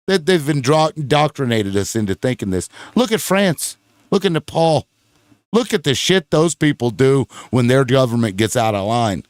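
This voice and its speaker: Animated rambling man, dry close sound. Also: a little high, normal speed, no room sound. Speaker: panelist. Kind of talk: casual political panel chat.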